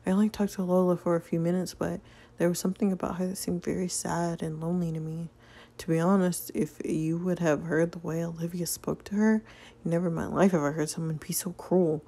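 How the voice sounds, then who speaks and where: A woman's voice: fairly low pitch, little pitch movement, fairly quick, vocal fry, mellow, slightly rough. A woman voicing an earnest young man in a story game, speaking frankly and confronting an adult.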